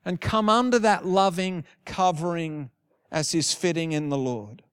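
A man's voice: a little high, measured pace, clean tone. A man preaching a sermon, telling stories and repeating phrases for emphasis. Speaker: pastor.

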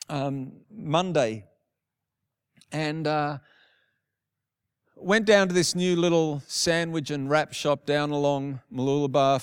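A man's voice: a little high, clear, resonant tone. A man preaching a sermon, telling stories and repeating phrases for emphasis. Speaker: pastor.

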